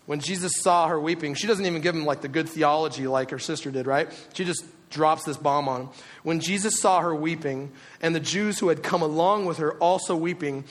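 A man preaching a sermon in a relaxed, conversational way, swinging between loud animated bursts and quiet, hushed moments. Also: on the high side, fairly quick, long reverb tail. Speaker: pastor.

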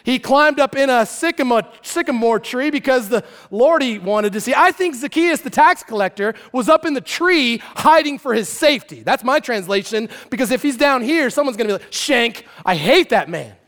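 A man preaching a lively, conversational sermon and acting out characters with shouts and asides. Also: very high voice, moderate pace, few pauses. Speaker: pastor. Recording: long hall reverb.

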